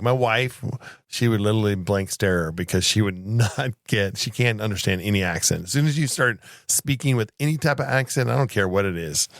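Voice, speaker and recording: A man co-hosting a chatty podcast, his voice sitting a little low as he spins a loose story. He circles back, restarts and stacks fillers as he goes. The sound is close and dry, with no room around it. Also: no echo. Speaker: podcast co-host, flight attendant. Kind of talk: casual chat.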